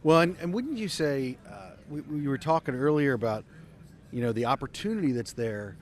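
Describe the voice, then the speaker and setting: A man hosting a live podcast conversation, talking casually and pausing to search for the right word. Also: mid-range voice, lively intonation. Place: outdoor trade skills event.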